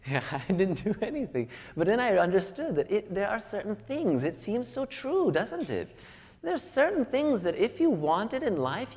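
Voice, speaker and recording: A man's voice: fairly high pitch, a little mellow. Man preaching in a reverberant hall. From United States. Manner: storytelling, rising to emphatic peaks. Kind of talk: sermon. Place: large church hall. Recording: long reverb of a church hall.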